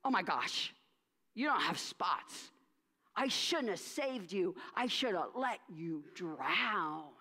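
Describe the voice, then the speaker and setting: A woman's voice: lowish voice, very animated, slow, bright, forceful tone, voice pushed down, full character voice. A woman voicing an indignant young male dog who turns on his friend, told as a storybook tale in a church with a long hall reverb. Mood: scornful. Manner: accusing, indignant.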